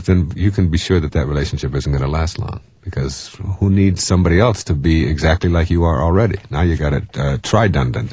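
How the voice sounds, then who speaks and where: A man's voice: deep voice, darkish tone, husky, no echo. A man giving a motivational talk in a conversational way, often chuckling and acting out the voices of people he quotes. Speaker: self-help speaker.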